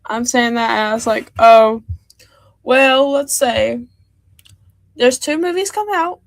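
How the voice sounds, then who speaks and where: Teen girl streamer venting in a hurt ramble; slightly high voice with vocal fry. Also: no room sound. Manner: hurt, rambling, many fillers and restarts. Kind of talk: upset personal livestream talk.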